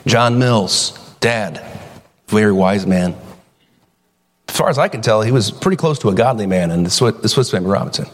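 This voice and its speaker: A middle-aged male pastor preaching a sermon in a folksy, animated storytelling manner, jumping into high voices to act out quotes. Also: moderate pace. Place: church sanctuary. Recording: long hall reverb.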